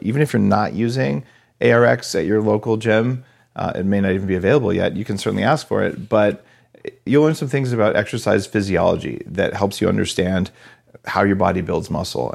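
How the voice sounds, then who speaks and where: A man's voice: fairly low pitch, gravelly, a little mellow. A man from New Mexico hosting a podcast interview in a casual, joking, rambling way. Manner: chatty, joking, fast-rambling. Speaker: podcast host. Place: home podcast studio.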